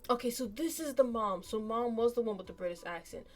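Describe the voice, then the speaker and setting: A woman's voice: a little high, animated, fairly quick, faint music behind. A woman streamer casually narrating a story game, reading the text aloud and chatting between passages.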